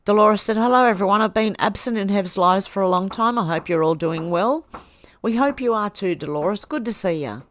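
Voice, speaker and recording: A woman's voice: mid-range voice, normal speed, fairly bright tone, dry recording. A middle-aged Australian woman hosting a livestream, casually reading viewers' comments aloud and answering them with small laughs. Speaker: livestream host.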